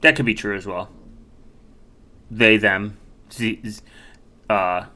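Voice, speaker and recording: A man's voice: fairly low pitch, steady tone, slow, pushed and bright. A man from the United States rambling casually while browsing, with many fillers and self-corrections.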